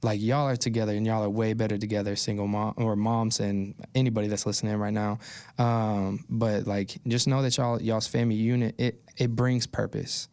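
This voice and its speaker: A man's voice: on the low side, flat delivery, normal speed, darkish tone, smooth, no room sound, studio quality. A man guest on a podcast chatting casually, laid-back and encouraging, with loose phrasing. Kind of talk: casual chat.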